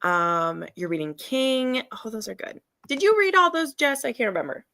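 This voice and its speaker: A woman's voice: a little high, very animated, moderate pace, bright, forceful tone, no echo. A woman hosting a live reading stream, chatting casually and laughing often as she gushes about books. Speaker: readathon host.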